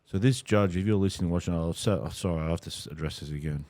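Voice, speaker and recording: Deep, dark-voiced podcast host. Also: male voice, fast. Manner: earnest, repeats words when heated. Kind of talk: interview conversation.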